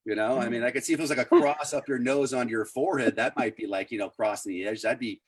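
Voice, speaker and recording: A man's voice: mid-range voice, fast, breathy edge, dry recording. A middle-aged man doing rambling, self-deprecating stand-up over a video call, full of fillers. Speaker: stand-up comedian.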